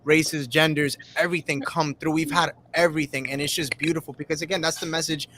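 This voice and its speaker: A man's voice: fairly high pitch, steady tone, fairly quick, sharp tone, slight background noise. A man hosting a casual group chat, encouraging and stumbling over repeated words. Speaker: host.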